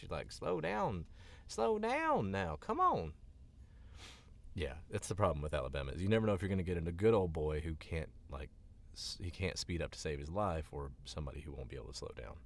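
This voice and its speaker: A tired, sick man chatting casually on a stream, rambling in a laid-back way with the odd swear, close to his mic. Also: low-pitched. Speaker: voice actor streaming.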